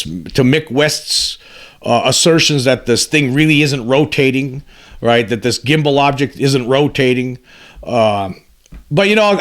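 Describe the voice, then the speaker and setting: A man with a voice of ordinary pitch talks through his commentary in a loose, rambling way. He restarts sentences often and presses his points with repeated emphasis. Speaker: host. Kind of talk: casual commentary.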